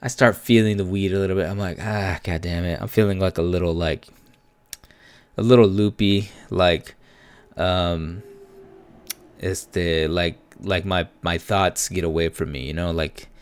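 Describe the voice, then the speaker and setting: Low-voiced man telling a laid-back story. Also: fairly even intonation, a little slow, clear, resonant tone, no room sound. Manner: laid-back and profane, slangy, mixes in Spanish words; sips a beer while talking. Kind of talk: casual storytelling monologue.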